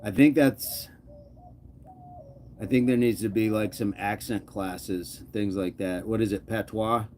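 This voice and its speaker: A man with a fairly low voice chats casually with his live audience as a fitness channel host. He jokes around and laughs often, riffing loosely. A faint ambient hum runs underneath. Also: steady tone, unhurried, darkish tone. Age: adult. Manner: chatty, jokey, laughs often. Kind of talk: casual live-chat talk.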